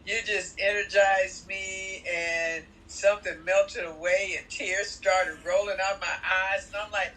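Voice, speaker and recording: A woman's voice: medium pitch, steady tone, unhurried, pushed and bright, low-quality recording. A woman guest brought onto a live stream, giving heartfelt, rambling thanks to the host. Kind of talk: emotional live-stream call-in.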